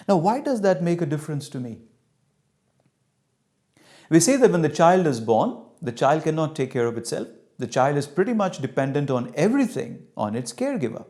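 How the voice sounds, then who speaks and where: A man giving a lecture on cultural values. He teaches through an animated story and acts out the dialogue. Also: mid-range voice. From India. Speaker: cultural intelligence trainer.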